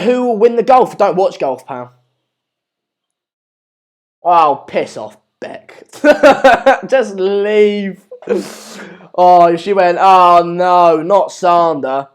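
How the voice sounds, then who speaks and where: A man's voice: sits high, big pitch swings, drawn-out words, pauses often. A man with an English accent hosting a live stream, chatting casually and reading out viewer comments in a rambling, jokey, self-deprecating way. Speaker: livestream host.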